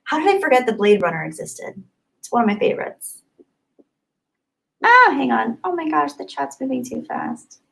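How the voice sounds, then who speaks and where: A young woman hosting a casual livestream, reading super chats and thanking viewers. She gushes and gets excited, and she thinks aloud as she scrolls the chat. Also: sits high, normal speed, gravelly, long pauses. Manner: bubbly, gushing and excitable. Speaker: livestream host.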